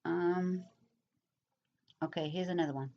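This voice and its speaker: A middle-aged woman chatting casually as she answers comments, talking slowly and rambling with pauses and fillers. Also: on the low side, fairly even intonation, warm tone, muffled recording. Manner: slow, rambling, pausing, with many fillers. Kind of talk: casual chat.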